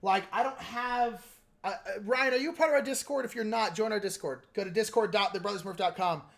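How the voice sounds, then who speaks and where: A man's voice: high-pitched, brisk, a bit bright. Easygoing man chatting on a live stream. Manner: meandering and easygoing, explaining technique while answering chat. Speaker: live-stream host painting miniatures. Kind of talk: casual live-stream chat while painting.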